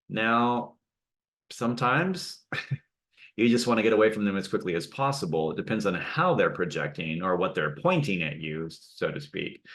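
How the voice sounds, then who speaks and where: Gentle, lively-voiced man musing. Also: lowish voice. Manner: gentle, conversational, acts out quoted exchanges. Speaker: spiritual talk host. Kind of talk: reflective monologue.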